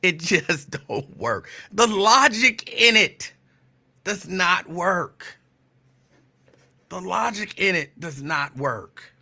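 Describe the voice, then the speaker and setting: A man hosting a call-in radio show in a loose, teasing way. He laughs a lot and repeats his own lines, and at times he slows down to read a definition out deliberately. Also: high-pitched, expressive, gravelly, sharp tone. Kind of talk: casual call-in radio talk.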